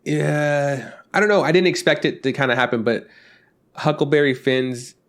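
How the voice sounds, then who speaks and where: Animated, cursing male podcast host. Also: fairly high pitch, moderate pace. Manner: animated storyteller, swears freely. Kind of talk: casual chat.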